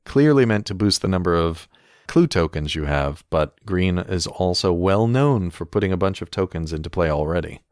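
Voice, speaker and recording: On a podcast, a low-voiced man wryly reviews game cards, chuckling as he reads their text aloud. His intonation is lively and his speed normal, captured in a dry, close recording with no room sound.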